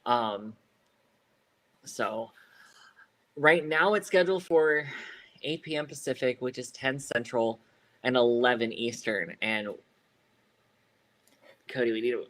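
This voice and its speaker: A man co-hosting a casual live-stream chat, talking in a lively, animated way and laughing often. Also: medium pitch, takes it slowly, pauses often. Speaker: podcast co-host.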